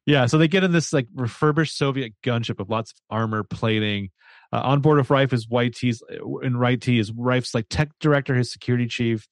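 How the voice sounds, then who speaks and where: A man's voice: mid-range voice, brisk, no room sound, clean studio sound. A man co-hosting a book podcast, chattily recapping a novel and reading dialogue aloud. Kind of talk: casual chat, recapping a novel.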